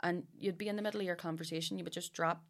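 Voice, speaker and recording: A woman with a Northern Irish accent telling stories in casual chat, animated and laughing, with frequent swearing. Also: fairly low pitch, racing.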